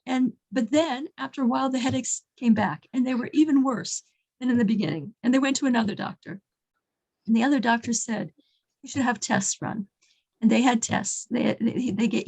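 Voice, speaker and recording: Earnest woman with a gravelly, husky voice. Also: sits high, a little mellow, poor audio. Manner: earnest, halting, repeats words while telling a story. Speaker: religious storyteller. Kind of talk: informal faith talk with storytelling.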